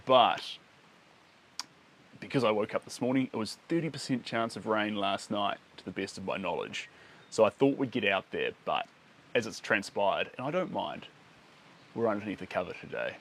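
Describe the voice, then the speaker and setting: Rambling, lower-voiced New man. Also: gravelly, fairly bright tone. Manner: rambling and playful, chuckling often. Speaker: artist streaming live. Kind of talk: casual chat with viewers. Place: outdoors under a shelter by a lake.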